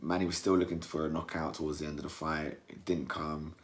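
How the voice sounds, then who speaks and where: A young man from England, giving a casual post-fight reaction and acting out the fighters in mocking voices. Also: fairly quick. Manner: animated, acts out fighters' words in mocking high voices. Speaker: boxing commentator.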